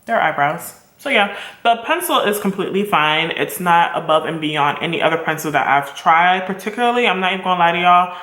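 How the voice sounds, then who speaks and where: A chatty woman beauty vlogger talks her viewers through a makeup tutorial with a bright, forward tone. She is upbeat and casual and speaks straight to her audience. Her voice rings in an echoey room. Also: lowish voice, lively intonation, fairly quick. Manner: chatty and enthusiastic, addresses viewers directly.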